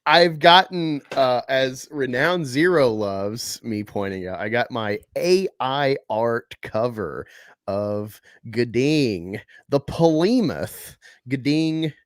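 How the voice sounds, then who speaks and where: A man's voice: mid-range voice, animated, takes it slowly, few pauses, no echo, clean studio sound. A man hosting a casual live stream about comic books. He rambles, swears freely and talks with sarcasm. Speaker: host. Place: home room at a table.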